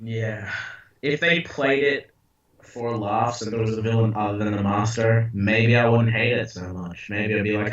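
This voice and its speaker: A man's voice: lowish voice, steady tone, moderate pace. A young man ranting about a TV episode, exasperated and sweary, in a casual podcast. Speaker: podcast co-host. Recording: echoey, distant, dull-sounding room mic.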